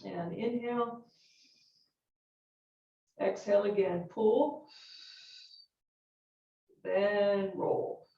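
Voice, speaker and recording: A woman teaching a yoga class, calmly cueing each movement and breath while counting repetitions. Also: medium pitch, very slow, creaky, pauses often. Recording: roomy, distant, dull-sounding studio recording.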